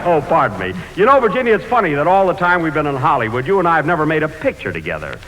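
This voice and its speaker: A man hosting a 1940s radio comedy show, vain and deadpan, often stammering when flustered. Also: a little high, racing. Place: live broadcast before an audience. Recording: noisy 1940s radio broadcast.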